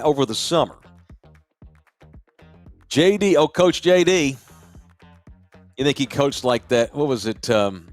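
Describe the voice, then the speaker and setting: Wisecracking podcast host. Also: male voice, medium pitch. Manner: profane, joking, wisecracking. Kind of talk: casual podcast chat.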